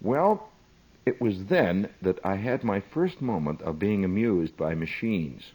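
Husky middle-aged man spinning a funny yarn, chatty asides, very animated delivery. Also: deep voice, a little slow, poor audio. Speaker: storyteller. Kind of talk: comic storytelling monologue.

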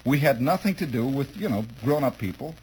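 A man's voice: mid-range voice, brisk, slight background noise, rough recording. A man telling a humorous childhood story to listeners, chuckling often and acting out the scenes. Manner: chuckling, lively, acts out scenes.

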